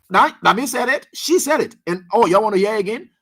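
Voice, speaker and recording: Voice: high voice, sing-song, a little fast, few pauses, fairly bright tone. A radio talk host, giving political commentary in an emphatic way, full of repetition and rhetorical questions.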